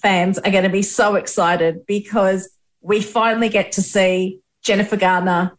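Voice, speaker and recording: A woman's voice: mid-range voice, steady tone, moderate pace. A woman interviewing a guest, eager and gushing in her questions.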